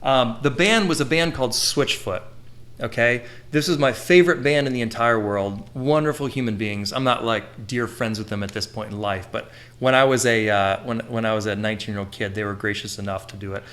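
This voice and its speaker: A man in his thirties hosting a podcast, telling a personal story with lively swings, jumping high when he acts out his younger self. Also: brisk. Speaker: podcast host. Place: indoor room with a shelf.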